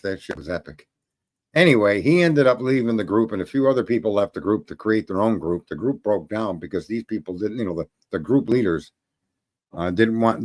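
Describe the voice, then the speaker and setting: A man's voice: fairly low pitch, darkish tone. A middle-aged man telling a long story in a crude, swaggering, casual way, swearing often and laughing at his own jokes. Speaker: show host telling a story.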